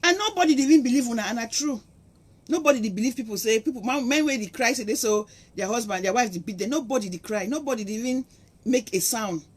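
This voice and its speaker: Woman, Nigerian Pidgin accent, middle-aged, impassioned preachy vlog monologue, husky. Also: a little high, lively intonation, quick pace. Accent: Nigerian Pidgin English. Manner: impassioned and preachy, acts out quotes. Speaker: vlogger. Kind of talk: monologue to camera.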